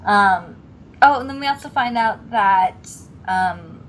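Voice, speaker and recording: A woman's voice: medium pitch, takes it slowly, slight background noise, low-quality recording. Chatty young woman retelling a drama. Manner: chatty, animated retelling with acted-out quotes. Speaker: co-host discussing a drama episode. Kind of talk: casual chat.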